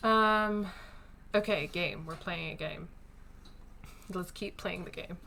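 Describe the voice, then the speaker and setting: A woman's voice: lowish voice, takes it slowly, vocal fry, sharp tone, slight background noise. A woman streaming a story game, chatting casually and thinking aloud with lots of fillers. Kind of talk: casual let's-play commentary.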